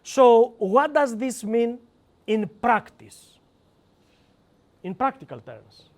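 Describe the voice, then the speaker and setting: A man with a Greek accent leading a live seminar, emphatic and animated, acting out quoted lines and calling on audience members by name. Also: very high voice, takes it slowly. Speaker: seminar trainer.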